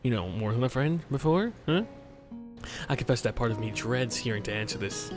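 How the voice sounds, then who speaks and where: A man's voice: medium pitch, animated, a little fast. Young guy narrating a let's play, loose and joking, music bed. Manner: rambling, joking, profane. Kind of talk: game commentary and reading aloud. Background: game music.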